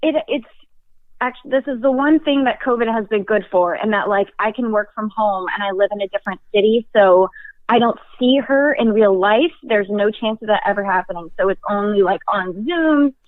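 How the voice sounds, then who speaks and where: A woman's voice: mid-range voice, fairly quick, dry recording. Woman caller, nervous, laughing, filler words, tinny phone line, dry. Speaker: anonymous caller. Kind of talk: confessional phone-in chat. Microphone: telephone.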